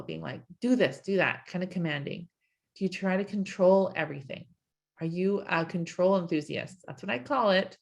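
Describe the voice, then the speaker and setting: A woman's voice: on the low side, creaky. A woman life coach giving a live-streamed coaching talk, encouraging and asking her audience many questions.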